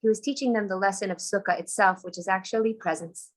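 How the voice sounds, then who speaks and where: A woman's voice: mid-range voice, quick pace. A woman teaching on a live video call, telling a story in an enthusiastic, chatty way. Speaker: Torah teacher.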